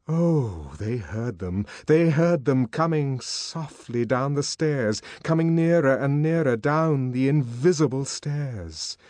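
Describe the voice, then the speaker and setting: A man reading fiction aloud as a narrator, in a dramatic, expressive manner. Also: medium pitch, takes it slowly, few pauses, no echo. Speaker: audiobook narrator. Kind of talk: scripted narration.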